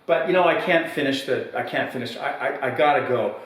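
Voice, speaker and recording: A comedian telling a long joke in a halting, stop-start way, often repeating his words. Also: mid-range voice, a bit bright, distant mic. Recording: echoey room, voice from afar.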